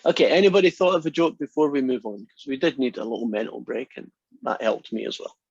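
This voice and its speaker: Scottish man, math lecturer, husky voice, dull dry recording, chatty with pauses. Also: mid-range voice, animated, a little mellow, no echo. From Scotland. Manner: chatty, joking, with ums and pauses. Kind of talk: university lecture.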